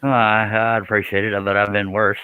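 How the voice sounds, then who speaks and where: A man's voice: on the low side, flat delivery, moderate pace, clear, resonant tone, no echo, phone-quality sound. A middle-aged man hosting a live stream, chatting casually, joking about himself and greeting viewers by name.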